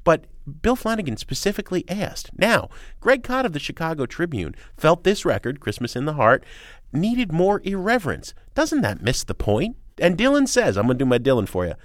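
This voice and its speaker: An opinionated male music critic co-hosting a radio show, his pitch jumping all over as he hammers his points home. He talks in emphatic bursts with sarcastic asides, close on a dry studio mic. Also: huge pitch swings, moderate pace, no room sound. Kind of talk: animated opinionated chat.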